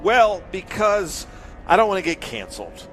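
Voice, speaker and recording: A man's voice: high voice, very animated, moderate pace. A man doing live race commentary, joking around and reeling off long lists of drivers and cars.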